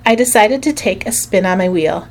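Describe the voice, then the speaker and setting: A woman narrates a children's story with expressive, lively storytelling. Her voice is middle-pitched, with a faint hiss of noise behind it. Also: moderate pace. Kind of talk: audiobook narration.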